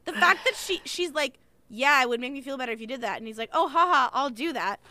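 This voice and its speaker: A woman chatting casually about a book with a friend, animated and sarcastic, swearing freely. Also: high-pitched, fast, no echo. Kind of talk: casual book discussion chat.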